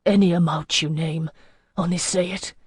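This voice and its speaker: A man's voice: fairly high pitch, measured pace, no echo, natural voice. A narrator doing a desperate trader in a fantasy audiobook, his voice trembling and wheedling as he begs. The sound is close and dry, with no room around it. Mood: pleading. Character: desperate, pleading middle-aged male trader.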